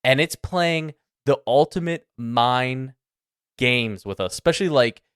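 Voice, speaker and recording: Excitable male podcast co-host. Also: mid-range voice, clear, resonant tone, no echo, studio quality. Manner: excitable, rambling, quick bursts. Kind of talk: casual chat.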